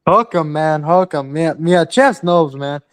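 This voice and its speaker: A man bantering excitedly as a sports fan in casual chat, boasting about his team. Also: a little high, unhurried, a loud crowd. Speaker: podcast co-host.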